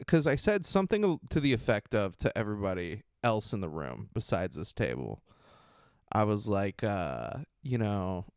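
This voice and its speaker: A man's voice: fairly low pitch, clean tone, dry recording, clean studio sound. Laid-back man telling a comedy-gig story. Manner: animated, laughing, acts out quotes in a mocking raised voice. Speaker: podcast host and stand-up comedian. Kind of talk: casual storytelling monologue.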